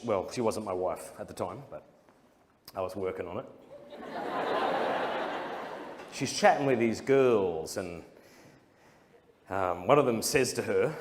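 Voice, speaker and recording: A man with an Australian accent telling funny stories in a jokey, self-deprecating way with frequent chuckles. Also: medium pitch. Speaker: speaker. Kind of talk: humorous storytelling talk. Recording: long hall reverb, faint noise.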